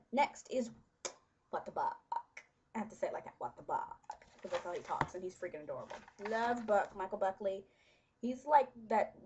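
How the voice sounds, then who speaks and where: A young woman chatting casually to her webcam, full of fillers and quick laughs. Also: mid-range voice, darkish tone, slightly rough, lo-fi sound. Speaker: vlogger. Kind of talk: casual chat.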